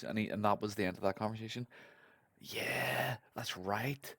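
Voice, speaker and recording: A man's voice: fairly low pitch, moderate pace, gravelly, fairly bright tone, dry recording. A man hosting a podcast, reacting to a clip in casual, blunt commentary full of swearing. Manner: swears a lot, blunt and ranting.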